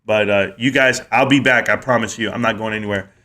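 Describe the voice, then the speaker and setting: A man hosting a casual livestream, telling stories with lively energy, laughing often and answering viewers' chat. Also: lowish voice, fairly quick. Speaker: livestream host. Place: small home studio.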